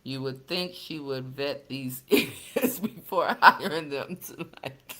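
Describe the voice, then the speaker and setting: A woman's voice: extremely low pitch, slow, sharp tone. A woman hosting a casual livestream, reading viewer comments in a playful, teasing way and laughing often. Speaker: livestream host.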